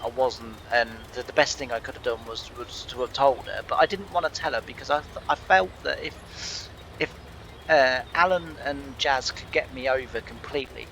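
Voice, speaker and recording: A man's voice: mid-range voice, bright, forceful tone, a little hiss or hum. A man hosting a gaming channel, casually telling a personal story in a rambling way with many restarts.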